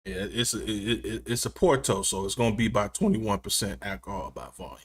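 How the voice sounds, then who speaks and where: A man's voice: lowish voice, fairly quick, slightly rough. A man live-streaming from his gaming chair at home, chatting casually with viewers, joking and laughing often.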